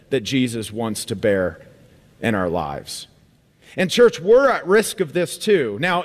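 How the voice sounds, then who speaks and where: A man preaching a sermon as pastor of a church, emphatic and animated, repeating phrases for effect. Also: fairly high pitch, big-room sound. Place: church sanctuary.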